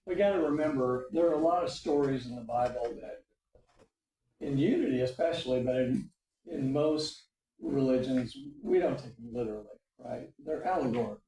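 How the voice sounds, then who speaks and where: A man's voice: mid-range voice, normal speed, dark tone. Roomy, distant man teaching a church class. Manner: lecturing with frequent fillers and "okay?" checks. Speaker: adult education class teacher. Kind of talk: classroom lecture with discussion.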